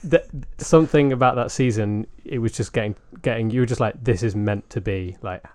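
Rich: A man co-hosts a podcast and speaks in a chatty way, recalling details with plenty of fillers. His voice sits fairly low. The sound is dry and close to the mic. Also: a little fast, a little mellow, no echo. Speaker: podcast co-host. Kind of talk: casual podcast chat.

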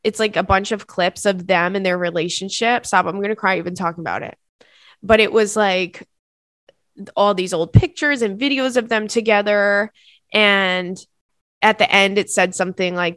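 A woman's voice: medium pitch, fairly bright tone, no room sound. Young woman podcast host, chatty and emotional, lots of likes and ums, dry close mic. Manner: chatty and emotional, many fillers. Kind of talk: casual chat, reading listener letters.

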